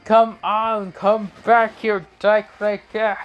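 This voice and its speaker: A man's voice: moderate pace, dull audio, close to an everyday voice. A man doing a panicky, raised-voice ninja teacher. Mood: yelling. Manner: pitched-up, loud and panicky. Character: hot-tempered grown male ninja teacher. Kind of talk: improvised fan storytelling.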